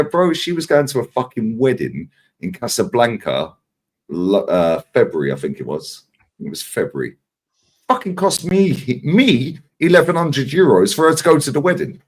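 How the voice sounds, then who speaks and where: In a mid-range voice at a moderate pace, a man in his 40s chats casually as a regular guest on a fan livestream. He tells animated stories, swears a lot, and acts out the things others said.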